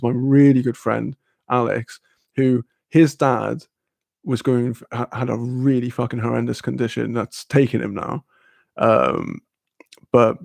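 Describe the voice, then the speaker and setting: A young man telling a story on stream, rambling loosely with plenty of fillers and swearing. His voice has a gravelly edge and sits at an ordinary middle pitch. The room sounds close and dry. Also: darkish tone, no room sound. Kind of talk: casual storytelling.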